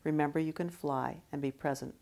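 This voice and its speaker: A woman voicing a wise, gentle bird messenger. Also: sits low, steady tone, vocal fry. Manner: gentle, guiding, unhurried.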